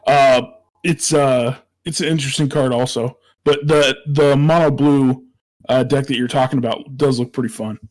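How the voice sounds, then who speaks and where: A man co-hosting a podcast, talking bluntly and jokingly in quick bursts of casual chat. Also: medium pitch, steady tone. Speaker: podcast co-host.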